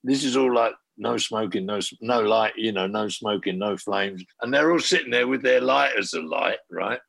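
A man, a former band manager, telling a profane and animated backstage anecdote in casual talk. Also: lowish voice, moderate pace, gravelly.

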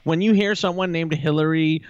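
A man's voice: on the high side, fairly even intonation, fairly quick, smooth, dry recording, lo-fi sound. A man co-hosting a podcast, bantering and joking, often laughing along. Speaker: podcast co-host. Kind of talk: casual banter.

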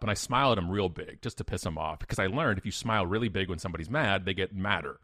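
A man, a podcast guest, telling a story in an emphatic, energetic way with sudden loud bursts. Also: lowish voice, quick pace, no echo. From Canada. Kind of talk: animated storytelling in an interview.

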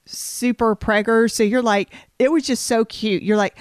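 A woman co-hosting a podcast, chatting casually and telling lively stories. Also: fairly high pitch, moderate pace, hardly any pauses, no echo, studio quality. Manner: animated storyteller, acts out quotes. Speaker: podcast co-host, researcher.

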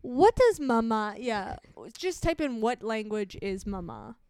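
A woman's voice: fairly high pitch, animated, a little slow, a little mellow, clean tone, dry recording. A woman co-hosting a podcast in casual chat, giggly and blunt, swearing freely. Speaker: podcast co-host.

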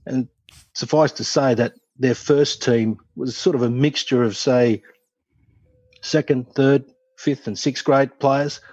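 Husky man telling stories. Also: mid-range voice, takes it slowly, no echo, highs cut off. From Australia. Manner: animated anecdotes, laughs while telling. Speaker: guest, former cricketer. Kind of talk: casual storytelling.

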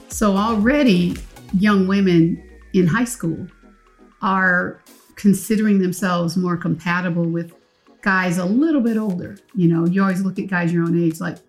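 A woman in her fifties telling a shared story in a teasing way and quickly cutting in with jokes. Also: mid-range voice, faint music behind. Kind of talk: casual storytelling chat.

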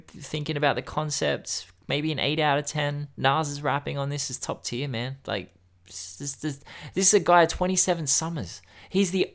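A man in his thirties chatting casually as a podcast co-host, frank and joking about hard things, swearing freely. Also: on the high side. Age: 30s. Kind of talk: casual chat.

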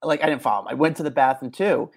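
A man's voice: medium pitch, rapid-fire. A man co-hosting a podcast, telling rambling stories with many fillers and restarts. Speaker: podcast co-host. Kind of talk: casual chat.

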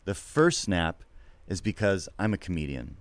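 A middle-aged man, a comedian, talking candidly and reflectively in an interview, swearing freely and getting animated at times. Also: low-pitched, moderate pace, a little hiss or hum. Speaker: podcast guest, comedian.

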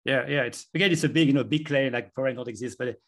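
A man's voice: mid-range voice, fast, a bit bright. A man who is an author, explaining his ideas earnestly in a conversational interview. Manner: earnest, explanatory, talks himself through examples. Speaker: author and guest.

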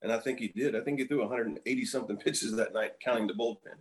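A man in his fifties, a former pitcher, telling stories as a podcast guest and acting out quoted lines. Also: steady tone, quick pace. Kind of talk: casual storytelling.

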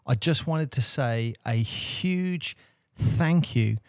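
A man's voice: medium pitch, lively intonation, slow pace, a little mellow, clean tone, no echo, studio quality. Chatty British man with rambling talk. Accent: British English. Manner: chatty, rambling with fillers and restarts. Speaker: podcast co-host. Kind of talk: casual chat.

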